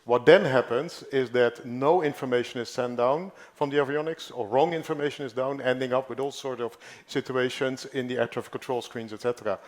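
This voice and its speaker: A man on a conference panel makes his case firmly. His voice sits at an everyday middle pitch, and his delivery is steady and explanatory. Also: brisk, hardly any pauses. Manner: assertive, explanatory. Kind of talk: panel discussion.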